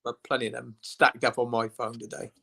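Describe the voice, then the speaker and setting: A man's voice: medium pitch, monotone, a little fast, gravelly, bright, forceful tone, slight background noise. An older man joining a fan livestream as a guest, talking in a hearty, matey way. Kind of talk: casual livestream chat.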